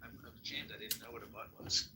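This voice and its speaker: A man chatting casually as a podcast co-host, quick to joke and act out comedy bits. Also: medium pitch, fairly even intonation, pushed and bright, a little hiss or hum, rough recording. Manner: joking, quick, does bits. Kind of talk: casual chat.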